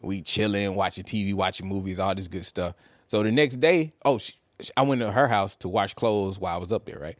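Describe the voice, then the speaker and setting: A man's voice: low-pitched, a little fast, no echo, clean studio sound. A man, co-hosting a podcast and telling a casual story, laughing and acting out what people said. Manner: animated, laughing, acts out quotes. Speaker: podcast co-host.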